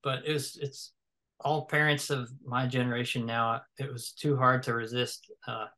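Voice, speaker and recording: A man's voice: mid-range voice, level tone, normal speed, pushed and bright. A man from the American South, a guest in a casual conversation, rambling and thinking aloud with many fillers and restarts.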